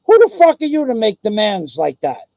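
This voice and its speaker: High-voiced man in a furious swearing rant. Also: wildly swooping pitch, moderate pace, vocal fry, a little mellow, dry recording. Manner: furious, swearing constantly, mocking others. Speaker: vlogger. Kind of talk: angry profane rant.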